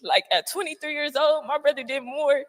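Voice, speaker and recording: A woman's voice: sits high, fairly quick, a bit bright. A woman giving a heartfelt eulogy at a memorial, emotional and holding back tears, with plenty of fillers. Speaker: family member giving a eulogy. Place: memorial gathering before a crowded room. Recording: long reverb in a large room.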